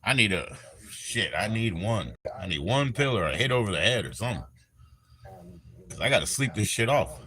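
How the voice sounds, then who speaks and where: A man's voice: fairly low pitch, very animated, normal speed, bright, forceful tone. An older man on a live stream, rambling and swearing as he greets viewers and chats casually.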